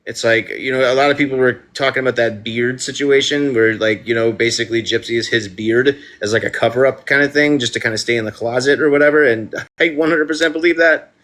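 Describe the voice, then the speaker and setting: A man's voice: medium pitch, quick pace, hardly any pauses, fairly bright tone. A man doing casual true crime commentary on a live stream from his phone, indignant and ranting. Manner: indignant, ranting, mocking quoted voices.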